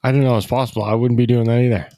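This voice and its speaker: A man adds short, hesitant remarks to a casual conversation in a dry recording, his pitch in a middle range. He stumbles over his words and fills gaps with quick agreement. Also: steady tone, dark tone, no room sound. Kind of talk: casual podcast chat.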